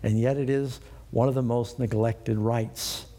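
A middle-aged man preaching a sermon, reading scripture aloud and slowing down to stress key points. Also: mid-range voice, fairly even intonation, warm tone. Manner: earnest preaching, slows for emphasis, reads scripture aloud. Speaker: pastor.

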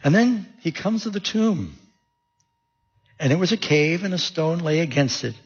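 A male preacher tells the story with vivid storytelling, his gravelly voice swinging up and down in pitch. The voice sits a little higher than average and is husky. The recording is dull and lo-fi. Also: animated, normal speed. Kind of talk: storytelling sermon.

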